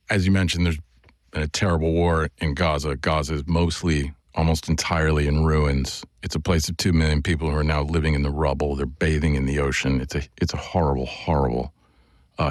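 Man, extremely deep voice, journalist guest, conversational, fillers and restarts, dry close sound. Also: fairly even intonation, fairly quick, dry recording. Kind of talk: interview conversation.

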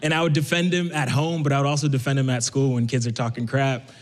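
A man's voice: mid-range voice, fast talker. A young man from Brooklyn telling a personal story on stage, conversational and acting out the people he quotes. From Brooklyn, USA. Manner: conversational, animated quoting. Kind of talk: live storytelling. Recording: echoey hall.

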